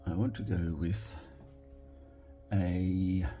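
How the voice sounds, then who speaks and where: An Australian man talking casually as he makes a card, thinking aloud and quietly murmuring approval at his work. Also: deep voice, steady tone, very slow, faint music behind. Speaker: card-making crafter. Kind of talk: casual commentary while crafting.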